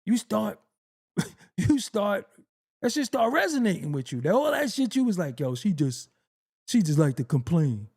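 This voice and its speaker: A man's voice: high voice, big pitch swings, normal speed, a little mellow, breathy edge. A middle-aged man telling stories in a casual comedic monologue, acting out exasperated voices and laughing often. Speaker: rapper talking on camera.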